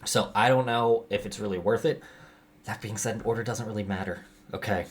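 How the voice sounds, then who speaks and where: Man, raspy, slightly breathless, relaxed chatty host, lower voice, reading viewer questions. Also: a little fast, a little hiss or hum. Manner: conversational, loose, reads out viewer questions. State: raspy, out of breath after gym. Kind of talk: casual Q&A monologue.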